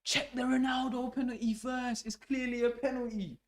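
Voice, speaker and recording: A young man hosting a live football watch-along, swearing and shouting at the match as it unfolds. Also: extremely high pitch, normal speed. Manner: swearing, excitable, shouts at the game. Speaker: fan channel host.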